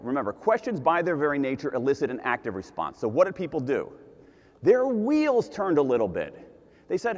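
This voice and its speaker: A man giving an animated conference talk, repeating his key points for emphasis. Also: on the high side, a little fast. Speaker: conference speaker. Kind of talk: keynote talk to a live audience. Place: large conference hall. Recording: long hall reverb.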